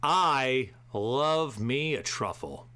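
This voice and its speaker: A man hosting a live show, ranting profanely and swinging between shouting and muttering to himself. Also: medium pitch, very animated, drawn-out words. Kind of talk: profane comedic rant.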